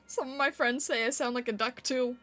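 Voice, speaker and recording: A woman streamer chats with her viewers in a high, bright voice. She giggles a lot and squeaks when she laughs or yells. Faint music plays behind her. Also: steady tone, fairly quick. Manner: giggly, chatty, reading chat aloud. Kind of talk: casual live-stream chat.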